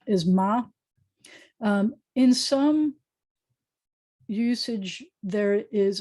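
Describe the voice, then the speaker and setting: A woman's voice: fairly high pitch, a little mellow. Woman rabbi, online class teacher, patient and explanatory, sounds out syllables, video-call audio.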